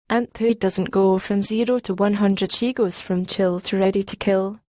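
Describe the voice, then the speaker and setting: A woman's voice: mid-range voice, fairly even intonation, normal speed, few pauses, warm tone, no echo. A woman narrating a novel in first person as a streetwise teenage girl, slangy and rhythmic, on a close studio mic. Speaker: audiobook narrator.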